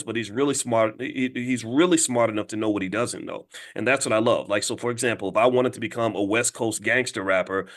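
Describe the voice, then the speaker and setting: Fast-talking emphatic man. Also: a bit bright. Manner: fast, emphatic, acts out dialogue with jumps in pitch. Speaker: finance commentator addressing an audience. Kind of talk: animated monologue.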